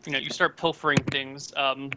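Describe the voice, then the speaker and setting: A man narrating as game master in a tabletop game, casual and halting with many fillers. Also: mid-range voice, flat delivery, background noise.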